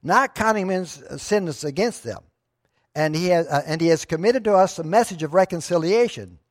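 A man's voice: high-pitched, normal speed, no echo, studio quality. A pastor preaching a sermon to his church, telling a story in a conversational way that rises to emphatic moments.

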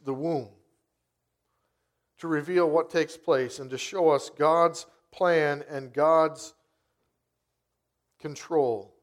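A man preaching a sermon, reading scripture softly and slowly, then stressing key words with rising force. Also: fairly high pitch. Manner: emphatic, rising to loud stresses. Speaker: pastor.

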